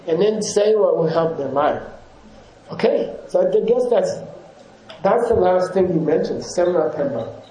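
Mellow higher-voiced man teaching, echoey room. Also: animated, a little slow, slight background noise. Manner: rambling, chuckles often, self-correcting. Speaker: yoga teacher. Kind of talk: casual teaching talk to a class.

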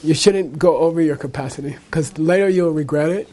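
High-voiced man teaching Buddhism. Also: brisk, warm tone. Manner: conversational, frequent "okay?" and "you know". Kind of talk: teaching a class.

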